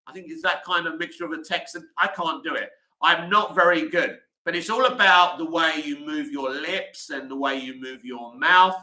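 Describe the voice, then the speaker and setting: A man's voice: a little high, moderate pace, sharp tone, reverberant, low-quality recording. A man hosting a casual livestream, rambling chattily with lots of "you know" fillers as he answers viewer comments. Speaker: livestream host.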